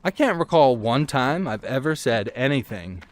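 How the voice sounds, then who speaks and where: A man's voice: mid-range voice, big pitch swings, normal speed. A man livestreaming a game in VR, talking casually and rambling in a self-deprecating way. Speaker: streamer. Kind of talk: casual gaming livestream chat. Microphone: VR headset mic.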